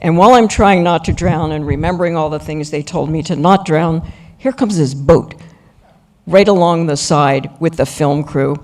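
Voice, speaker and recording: A woman and former astronaut recounting a training story on a panel, told in a lively way. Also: sits low, moderate pace.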